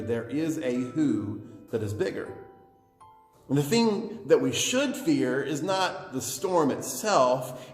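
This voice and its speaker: A man's voice: mid-range voice, darkish tone, echoey room, in a large hall. A man giving a short devotional as a pastor, reading scripture aloud and commenting on it in an earnest, reflective way.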